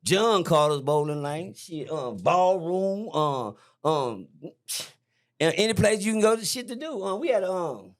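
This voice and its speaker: Fifties man, raised pitch, playful and digressive, slangy podcast storyteller. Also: animated, a little slow. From Fort Worth, Texas. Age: 50s. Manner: teasing, rambling storyteller with slang. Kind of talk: casual chat. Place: indoor podcast room.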